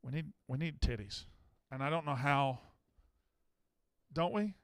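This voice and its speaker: A man's voice: fairly high pitch, measured pace, fairly bright tone, clean tone, no room sound, studio quality. A man hosting a live sports call-in show, blunt and profane, often exasperated with callers. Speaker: sports betting show host.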